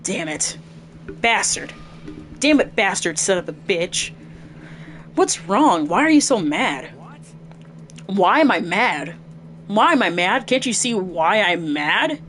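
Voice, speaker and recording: A woman's voice: medium pitch, very animated, takes it slowly, pauses often, a bit bright, soft background music. Woman voicing a foul-mouthed young gang leader. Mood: angry. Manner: gruff, swearing, blustering. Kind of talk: reading game dialogue aloud.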